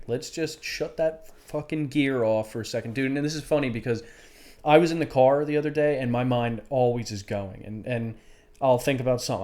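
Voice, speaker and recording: Young guy on a podcast, cusses a lot, says dude constantly, beats himself up, average pitch. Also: darkish tone. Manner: heavy swearing, calls his friend dude, self-critical. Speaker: podcast co-host. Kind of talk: casual chat.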